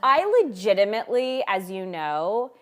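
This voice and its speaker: A woman's voice: medium pitch, lively intonation, moderate pace, crowd noise. A woman hosting a talk show in casual chat, chatty, laughing often and restarting her sentences.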